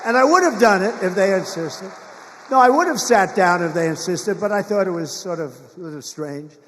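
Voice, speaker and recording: A man with a high, lively voice speaks fairly quickly in a fairly bright tone, with a faint hiss or hum. Playing a political candidate at a large rally venue, he delivers a rambling, boastful, mocking campaign speech full of repetitive asides to the crowd, all under the long reverb of a big hall.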